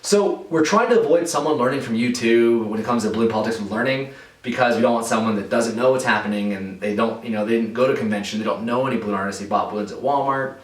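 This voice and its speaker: A man answering viewer questions as a balloon artist in a casual vlog. He rambles in a relaxed way, with many fillers and restarts. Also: medium pitch, fast talker. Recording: echoey room, voice from a distance.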